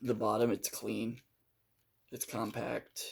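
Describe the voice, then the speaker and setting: A man's voice: fairly low pitch, completely flat delivery, slow pace, vocal fry, husky. A man giving a casual, unscripted toy review, hesitant and full of fillers as he handles the figure.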